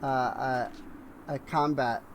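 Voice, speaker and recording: A man streaming a game, rambling slowly with lots of fillers and yawning as he plays. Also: medium pitch, steady tone, slight background noise. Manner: rambling, unhurried, many fillers and trailing thoughts. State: yawning, tired. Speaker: gaming streamer. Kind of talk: casual let's-play commentary.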